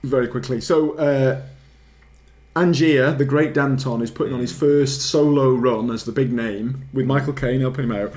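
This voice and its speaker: A man's voice: medium pitch, fairly even intonation, moderate pace, a little mellow. Chatty man recapping a film. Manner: rambling storyteller, laughs often. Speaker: podcast co-host. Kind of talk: casual film recap chat.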